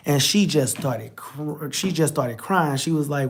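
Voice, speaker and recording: A man's voice: fairly high pitch, unhurried, husky. A man, telling a personal story to his viewers, candid and emotional, speaking to them directly. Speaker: vlogger.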